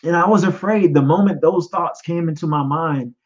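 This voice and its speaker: A man's voice: on the high side, lo-fi sound. Emotional man telling his story, choking up. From United States. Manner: emotional, halting, repeats himself, gets choked up. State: choked up, near tears. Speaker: podcast host and guest telling his own story. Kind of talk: personal testimony, live stream talk.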